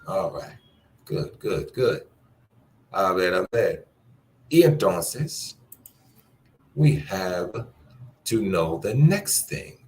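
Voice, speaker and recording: A man teaching a Spanish class, explaining grammar and repeating words slowly for learners to echo. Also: low voice, very animated, darkish tone.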